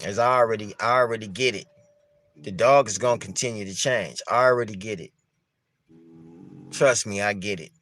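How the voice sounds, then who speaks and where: A man's voice: fairly low pitch, normal speed, long pauses, fairly bright tone. A man speaking, talking conversationally, asking rhetorical questions and repeating his points. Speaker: dog breeder talking to camera. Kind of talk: casual monologue.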